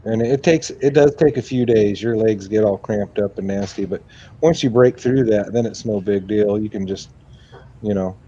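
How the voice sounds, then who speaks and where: A man's voice: lowish voice, moderate pace, mellow, breathy edge. A man chatting casually about lawn care work in a laid-back, rambling way. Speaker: guest lawn care worker. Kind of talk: casual live-stream chat. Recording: dull lo-fi audio with faint noise.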